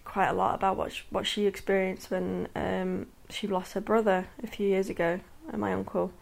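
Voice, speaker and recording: A woman's voice: medium pitch, flat delivery, moderate pace, vocal fry. A woman in her thirties speaking candidly and earnestly in a personal podcast monologue. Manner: candid and earnest, many restarts and soft laughs. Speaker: podcast host.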